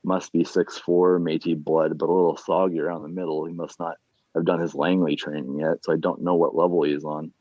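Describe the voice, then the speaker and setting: A man reading his own fiction aloud at an online reading series, plain and unhurried, with casual asides between chapters. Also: extremely low pitch, level tone, a little mellow, dry recording. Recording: dull, dry lo-fi sound.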